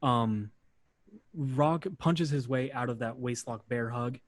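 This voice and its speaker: A podcast host narrates a match play by play in a relaxed, casual way, filling his talk with plenty of "uh." His voice is medium-pitched and slow, with no echo.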